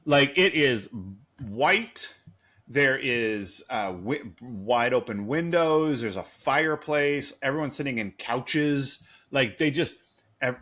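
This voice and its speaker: Bright-voiced man ranting casually. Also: mid-range voice, expressive, slow. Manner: rambling, profane, sarcastic. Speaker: podcast co-host. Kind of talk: casual recap chat.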